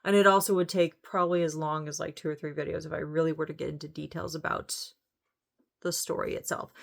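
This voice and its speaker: A woman talks casually through her review of a TV series, her voice sitting somewhat low. She is close to tears and sighs often, and her words come haltingly with frequent restarts. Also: gravelly. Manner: emotional, halting, many restarts and fillers. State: near tears, sighing.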